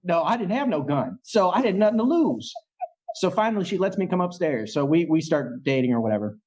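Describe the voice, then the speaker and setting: A man on a podcast as a guest, telling a story in an animated way and swearing freely. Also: sits high, fairly quick. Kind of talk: casual storytelling.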